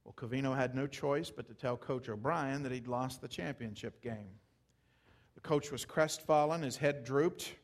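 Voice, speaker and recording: A man's voice: mid-range voice, moderate pace. A man preaching a sermon, telling stories conversationally and building emphasis as he goes. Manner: conversational storytelling, rising emphasis. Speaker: pastor.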